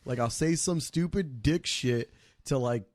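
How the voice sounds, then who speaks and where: A man's voice: medium pitch, measured pace, a little mellow, no echo, clean studio sound. Rambling, foul-mouthed male podcast host. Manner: rambling, heavy swearing, many fillers and restarts. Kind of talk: casual chat over drinks.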